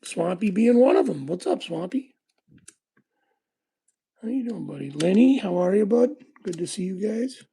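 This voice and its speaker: A man hosting a laid-back livestream, talking to his viewers while he works on a lock. His voice is gravelly and quite husky, and he rambles through stories with plenty of ums and likes. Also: sits high, expressive, moderate pace, pauses often, mellow. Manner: rambling, laid-back storytelling with frequent fillers. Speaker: livestream host. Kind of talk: casual livestream chat while lockpicking.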